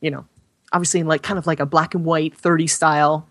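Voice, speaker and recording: Lower-voiced woman, enthusiastic podcast co-host. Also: fairly even intonation, fast, no echo. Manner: enthusiastic, rambling, uses lots of fillers. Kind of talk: casual podcast chat.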